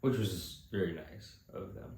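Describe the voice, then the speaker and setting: A young man co-hosting a podcast, telling stories casually and animatedly, shooting his voice up when acting out shouts. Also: measured pace, creaky. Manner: animated storyteller, jumps high when imitating shouts. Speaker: podcast co-host. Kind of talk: casual chat. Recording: echoey room with faint background noise.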